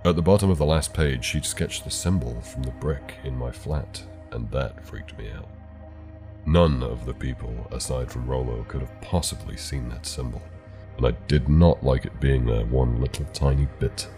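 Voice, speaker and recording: A man narrating a horror story in a calm, measured way. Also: very deep voice. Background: soft background music.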